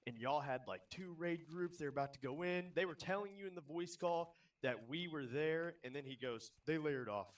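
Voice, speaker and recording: A man talking as a guest in a casual voice-call chat, telling stories in a crude, profane, animated way. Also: fairly high pitch, normal speed, recorded from a distance. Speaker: guild member guest.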